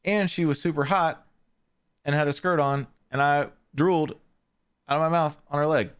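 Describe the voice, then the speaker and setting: A man hosting a podcast, telling a casual story in a rambling way, often correcting himself and trailing off quietly. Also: fairly high pitch, fairly even intonation, normal speed, clean tone. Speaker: podcast host.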